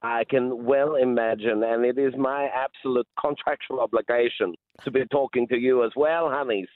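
A man's voice: medium pitch, fairly even intonation, moderate pace, dry recording, close to an everyday voice. A man playing a flamboyant, campy male disco diva character, theatrical and calling everyone honey and darling, speaking over a phone line. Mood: camp. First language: not English. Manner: camp, theatrical, calls people honey and darlings. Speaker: stage performer guest. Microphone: phone call.

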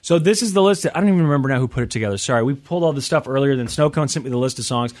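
A man hosting a talk show, chatting casually in a rambling, excitable way. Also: mid-range voice. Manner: excitable, rambling, quick to interrupt. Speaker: radio show host. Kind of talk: casual studio chat.

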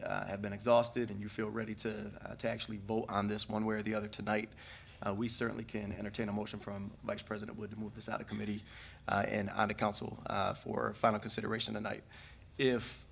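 A council president chairs a public meeting in a lowish, gravelly voice with little melody. He walks through the procedural options methodically, with frequent "uh"s. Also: a bit bright. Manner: procedural, lays out options step by step.

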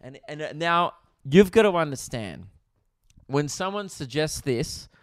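A man's voice: fairly high pitch, big pitch swings, a little slow, no echo, clean studio sound. A young man, a comedian hosting his own podcast, telling a rambling, self-mocking story in a casual chat, quoting people along the way.

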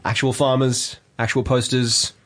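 A man's voice: medium pitch, level tone, unhurried, fairly bright tone, a little hiss or hum. A man co-hosting a casual music podcast, telling stories and trivia about a band. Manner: storytelling, shares trivia. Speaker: podcast co-host. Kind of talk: casual chat.

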